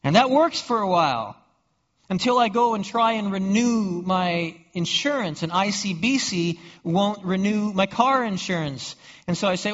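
High-voiced pastor preaching. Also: male voice, animated, a little slow, a bit bright. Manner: rhetorical questions, frequent repeated words. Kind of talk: sermon. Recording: dull reverberant hall recording.

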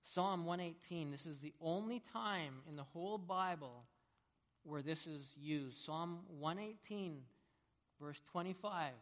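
A man with a high voice preaches a sermon, drawing listeners in with vivid stories and swinging from hushed to loud. His words ring out with a long reverb, as if spoken in a large church sanctuary. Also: unhurried. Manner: animated storytelling, swings between hushed and loud. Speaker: pastor.

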